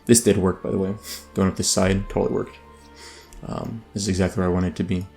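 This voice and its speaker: A man's voice: deep voice, little pitch movement, fast, vocal fry. A man casually narrating while playing an online game, rambling with frequent ums and restarts. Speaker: gaming YouTuber. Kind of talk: casual let's play commentary. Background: soft background music.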